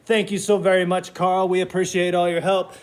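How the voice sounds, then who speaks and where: A man's voice: sits high, level tone, a little fast. A man teaching a kindergarten counting lesson to students at home, cheerful and patient, with sing-song counting. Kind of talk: remote lesson for young children.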